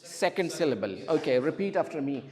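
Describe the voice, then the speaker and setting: Male classroom teacher, lively high voice, clear questions, drills word stress. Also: fairly quick. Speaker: English teacher.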